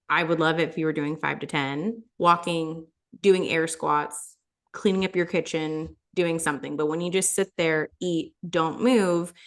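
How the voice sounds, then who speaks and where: A woman with a somewhat low voice co-hosts a casual podcast chat. She gives friendly, practical health advice in an easy, explanatory way.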